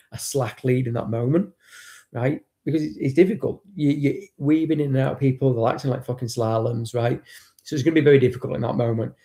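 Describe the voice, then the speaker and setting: A man's voice: mid-range voice, mellow. A man hosting a live stream as a dog trainer. He talks casually and bluntly, swears now and then, and greets chat viewers by name.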